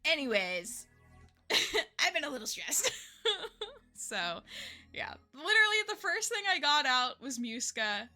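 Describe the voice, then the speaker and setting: A woman's voice: high voice, very animated, unhurried, pauses often, bright, forceful tone, faint music behind. A woman streamer in casual chat who laughs often and swears casually.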